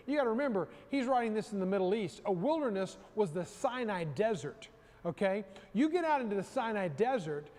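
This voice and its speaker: A man preaching in a high, ringing voice, carried by a long reverb that trails after each phrase. He presses his points hard, circles back on key phrases and calls the congregation to speak along with him. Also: darkish tone. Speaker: pastor. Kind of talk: sermon.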